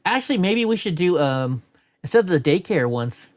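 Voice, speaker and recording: A middle-aged man hosts a live stream, his high-pitched voice very animated at a moderate pace. He rambles casually, swears, and laughs a lot at the clips he's watching.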